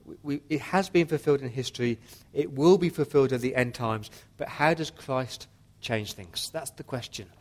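A man's voice: mid-range voice, moderate pace, few pauses, a little mellow. A man preaching a sermon as pastor, earnest and pleading with his listeners.

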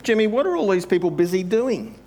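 Man doing a bewildered pastor on a call, polite questions rising in pitch. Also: sing-song, brisk, a little mellow. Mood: puzzled, insistent. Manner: rising, increasingly puzzled questions. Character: puzzled adult male pastor calling a home.

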